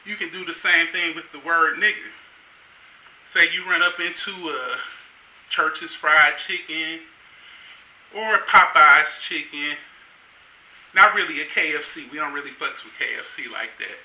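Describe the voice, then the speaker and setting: A man's voice: fairly high pitch, unhurried, long pauses, pushed and bright, a little hiss or hum. A middle-aged man, a grandfather, doing a loose, profane stand-up set on a comedy stage with a handheld mic. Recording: roomy stage sound, faint ambience.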